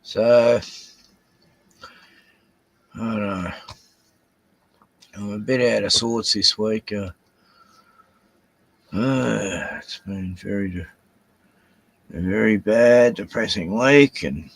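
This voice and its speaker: Slow, gravelly older Australian man. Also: lowish voice, no room sound, rough recording. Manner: rambling, swears freely, drifts between topics. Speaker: livestream host. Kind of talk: casual solo livestream chat.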